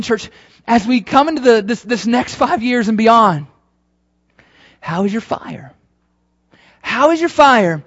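A man preaches to his congregation in an emphatic, call-and-response manner. He swings from fired-up peaks down to quiet, earnest pleading. The sermon recording sounds a little dull and lo-fi. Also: sits high. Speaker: pastor. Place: church service.

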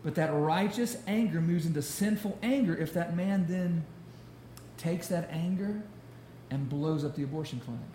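High-pitched guy preaching, lively and chatty, roomy hall sound. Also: moderate pace, a little hiss or hum. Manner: animated, conversational preaching with repeated words. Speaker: pastor. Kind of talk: sermon.

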